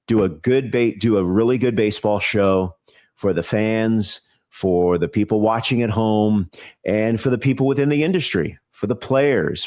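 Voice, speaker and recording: A man with a lowish voice talks in a measured, earnest way as a podcast guest. He often restarts his sentences and leans on fillers while he explains himself. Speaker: TV baseball show host, guest. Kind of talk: podcast interview.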